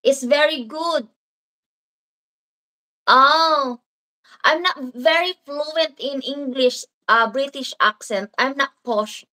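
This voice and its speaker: Filipina lady on a live stream, high bright voice, slow rambly chat reading out comments. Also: poor audio. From Philippines (Davao). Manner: chatty, rambling, mixes in Filipino words. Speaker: livestream host.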